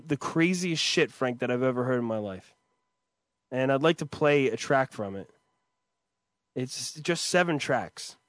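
A man's voice: fairly high pitch, dry recording, clean studio sound. A man co-hosting a radio show, chatting casually with rambling jokes and swearing. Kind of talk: casual chat.

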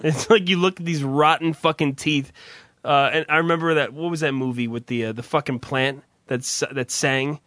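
A man's voice: a little high, steady tone, moderate pace, fairly bright tone, no echo, clean studio sound. A man hosting a radio show, ranting bluntly in casual chat, swearing constantly and stumbling through restarts.

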